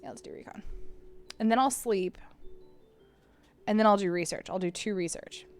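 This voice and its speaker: A woman's voice: medium pitch, normal speed, a little mellow, faint music behind. A woman streaming a game live, chatting and muttering to herself as she plays. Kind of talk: casual live-stream commentary.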